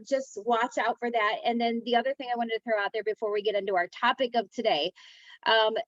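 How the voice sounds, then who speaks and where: Enthusiastic woman co-host, slightly high voice, chatty, dry muffled video-call sound. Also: no room sound. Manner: enthusiastic, laughs easily. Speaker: round-table co-host. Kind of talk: casual chat.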